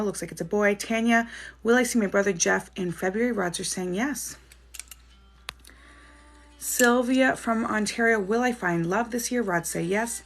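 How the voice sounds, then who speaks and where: A Canadian woman hosts a psychic live stream, reading viewers' names and questions aloud and answering them in a chatty, reassuring way. Her medium-pitched voice has vocal fry, with a little hiss or hum in the audio.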